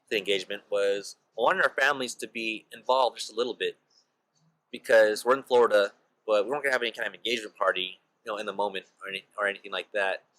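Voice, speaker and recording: Chatty young man, bright forceful voice. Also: fairly low pitch, low-quality recording. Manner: chatty, heavy use of "like" and "you know" fillers. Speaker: vlogger. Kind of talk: casual storytelling to camera.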